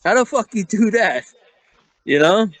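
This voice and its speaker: A man with a New York accent telling rambling, profane stories in a casual chat, often getting excited as he acts out what people said. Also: sits high, measured pace, dry recording. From Staten Island, New York. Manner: profane, rambling, excitable when acting out quotes. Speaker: security guard guest.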